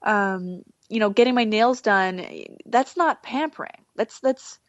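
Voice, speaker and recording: A woman's voice: mid-range voice, no room sound, lo-fi sound. A woman talking casually as a podcast guest, chatty and full of fillers and restarts. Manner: chatty, lots of "like" and "you know", quick restarts. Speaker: healer, guest.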